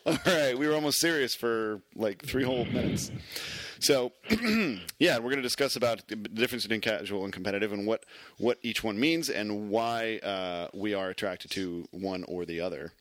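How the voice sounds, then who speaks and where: A man's voice: lowish voice, moderate pace, fairly bright tone, dry recording. A man hosting a casual podcast chat, joking and rambling as he talks. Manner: jokey, rambling, laughs often. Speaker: podcast host.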